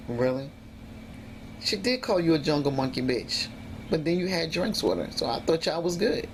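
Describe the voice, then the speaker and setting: A woman vlogger telling a personal story in an animated, emphatic way, acting out what people said. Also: lowish voice, slight background noise. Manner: animated, emphatic retelling with acted-out quotes. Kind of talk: casual storytelling vlog.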